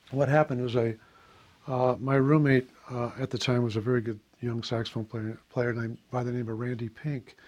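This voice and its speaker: An older man from Iowa, a jazz saxophonist, casually telling anecdotes and acting out the voices of the people in them. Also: medium pitch. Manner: animated storyteller, acts out quoted voices, laughs often.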